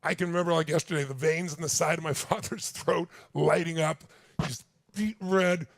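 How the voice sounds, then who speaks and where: A creaky voice on the high side at normal speed belongs to a man in his sixties giving a motivational seminar talk. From a large stage with a live audience, he tells stories intensely and addresses the audience directly, recorded with studio quality and no room sound.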